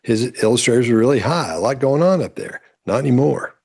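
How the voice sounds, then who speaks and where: A man explains behavior cues in a calm, teaching tone. His voice is gravelly with a husky edge. He speaks like a commentator walking viewers through footage. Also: mid-range voice, a little fast. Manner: explanatory, instructive. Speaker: body language analyst. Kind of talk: commentary over courtroom clips.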